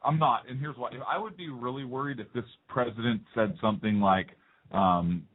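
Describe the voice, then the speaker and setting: A man co-hosting a talk radio show, bantering with sarcastic, animated interjections. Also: medium pitch, moderate pace. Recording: phone-like narrow band.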